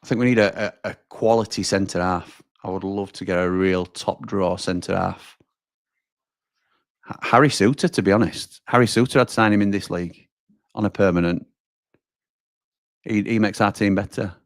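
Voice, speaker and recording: A man hosts a live football watch-along in a lowish voice. He chats with viewers, calls them pal and mate, and yelps at near misses. The sound is dry and close to the mic. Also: fairly even intonation, normal speed, long pauses, no room sound. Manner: chatty, reacts loudly to chances, addresses viewers as pal and mate.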